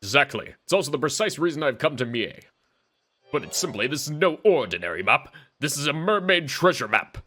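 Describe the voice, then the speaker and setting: A man reading a flamboyant, excitable male fantasy author's lines aloud while streaming a game. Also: a little high, fairly quick, exaggerated voice. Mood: theatrical. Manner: theatrical, grandiose reading. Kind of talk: voicing game dialogue on a stream.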